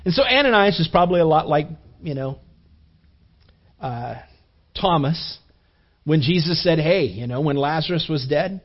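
A male pastor preaching a sermon in an animated storytelling manner, with frequent restarts. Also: a little high, moderate pace, long pauses, muffled recording. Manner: animated storytelling, acting out quoted voices, repeated restarts.

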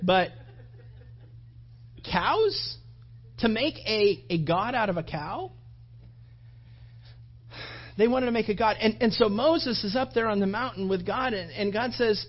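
A man preaching a sermon, telling a personal story in an animated way and acting out his own thoughts. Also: high voice, unhurried, pauses often, dull audio. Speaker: pastor.

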